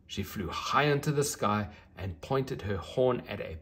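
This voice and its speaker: A man reading a children's storybook aloud, gentle and expressive. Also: medium pitch, unhurried, hardly any pauses.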